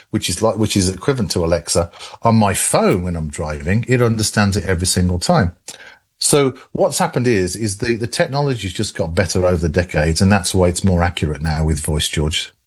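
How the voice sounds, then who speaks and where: A man's voice: deep voice, lively intonation, a little fast, slightly rough. A man with an English accent, an expert guest on a call-in radio show, explaining at length with many restarts. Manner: rambling with many restarts and laughs.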